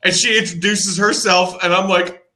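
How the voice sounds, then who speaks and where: A man co-hosting a sports talk show, telling stories and teasing his friends in casual chat. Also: sits high. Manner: lively, teasing, quick to jump in. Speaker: co-host.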